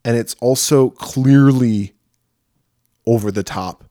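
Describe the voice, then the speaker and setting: This podcast co-host, a man with a medium-pitched, mellow voice, takes his time as he rambles happily in casual conversation about the films he enjoys. It's a dry, clean studio recording.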